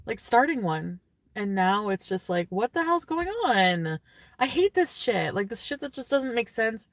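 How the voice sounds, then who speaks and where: A woman's voice: on the high side, big pitch swings, unhurried, slight background noise. Young woman vlogger, tearful, rambling vent full of "like"s and sighs. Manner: rambling, filler-heavy, sighing and venting. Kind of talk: rambling casual vlog talk.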